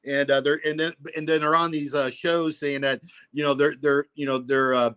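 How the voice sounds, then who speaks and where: A man's voice: fairly high pitch, flat delivery, moderate pace, fairly bright tone, clean tone. A man hosting a casual livestream, rambling and profane, full of "you know, man.". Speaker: livestream host.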